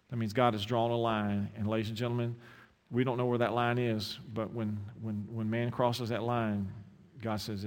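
Impassioned Eastern Carolina preacher in a reverberant hall. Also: male voice, mid-range voice, level tone. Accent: Eastern North Carolina. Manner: impassioned, repetitive restarts, dramatic pauses. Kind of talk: sermon.

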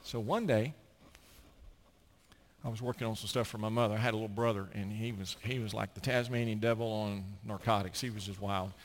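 In a fairly low voice and at a slightly quick pace, a middle-aged American pastor preaches through stories, animatedly playing the parts of the people he quotes.

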